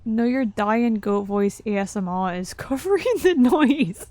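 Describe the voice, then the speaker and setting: A woman's voice: on the high side, lively intonation, measured pace, dark tone, no echo. A young woman live-streaming a game from her desk at home, chatting casually with lots of swearing and laughing asides.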